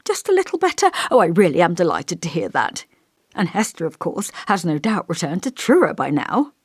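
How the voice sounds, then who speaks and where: Storybook vicar, male, gentle and scholarly, kindly but hesitant, put on by a woman reader with a lowish voice. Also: wildly swooping pitch, fairly quick, breathy edge, no room sound, clean studio sound, exaggerated voice. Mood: genial. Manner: kindly, hesitant, over-polite. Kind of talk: audiobook character voice.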